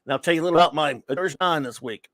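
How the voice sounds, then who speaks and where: A man hosting a live comics talk show, chatting casually and rambling through friendly shout-outs to viewers in the chat. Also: a little high, very fast, no room sound. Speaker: podcast host.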